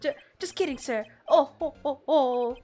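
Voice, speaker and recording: A streamer with a high, feminine voice voicing a smarmy young male hotel bellboy in a mystery game, with an affected anime-boy accent. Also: normal speed, dark tone, lightly acted. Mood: smug.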